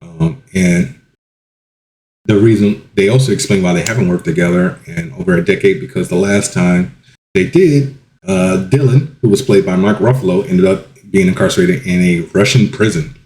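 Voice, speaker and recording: A man hosting a casual solo podcast, rambling through plot recaps with lots of ums and quick self-corrections. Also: low-pitched, a little mellow, reverberant. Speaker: podcast host.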